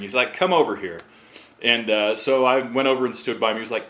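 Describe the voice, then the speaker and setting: A man who is a podcast guest, telling a story in a casual, animated way and acting out what others said. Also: medium pitch, a little fast. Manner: animated, acts out quotes in other voices.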